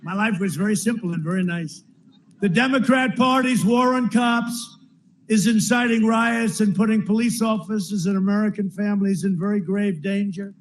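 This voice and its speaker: A man with a high-sitting voice speaks at a moderate pace, captured in a rough recording with slight background noise. He's a politician giving a campaign rally speech in a large venue, rambling and repetitive, with frequent asides to the crowd.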